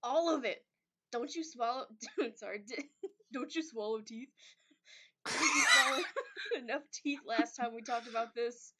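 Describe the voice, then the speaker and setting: A woman's voice: on the high side, a little slow, heavy background noise. A woman with a Southern accent reading a comic aloud as a guest, giggling often between lines. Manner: giggly, reads narration then chats. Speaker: guest co-reader. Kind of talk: casual comic read-along.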